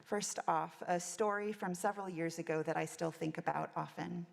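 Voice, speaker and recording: A woman's voice: lowish voice, steady tone, normal speed, vocal fry. A woman minister giving a reflective sermon, telling a story from her chaplaincy work. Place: church sanctuary. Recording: long church reverb.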